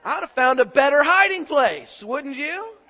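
High-voiced preacher quizzing his congregation. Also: big pitch swings, measured pace, bright, forceful tone. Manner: questions the congregation, call-and-response. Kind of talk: sermon. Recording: echoing hall reverb.

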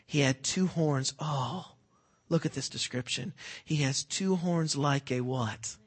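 A man with a fairly high-pitched voice delivers a sermon. He quizzes his listeners with fill-in-the-blank questions. He drops to a hush and then rises to loud, emphatic preaching. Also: slow pace, breathy edge. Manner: swings between hushed and loud emphatic preaching.

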